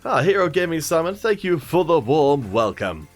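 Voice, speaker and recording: Casting a mobile game stream, a man greets viewers in chat by name and pokes fun at himself in casual commentary. He speaks at a normal speed in a slightly high, sing-song voice over soft background music.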